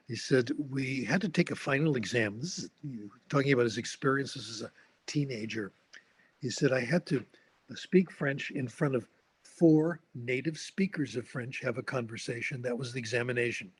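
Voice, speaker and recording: A man's voice: medium pitch, breathy edge. An older man giving a lecture as a linguist, telling wry anecdotes and tagging his points with "okay?".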